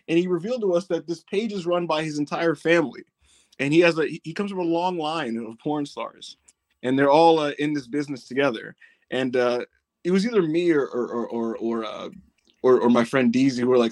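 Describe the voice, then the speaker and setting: Man, podcast host, casual chat, animated storytelling, swears freely, slightly high voice. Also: a little fast.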